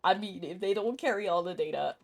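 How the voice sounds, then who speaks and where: A woman's voice: on the low side, fairly quick, creaky. A woman live-streaming a game, chatting casually and answering her chat, with a cough now and then.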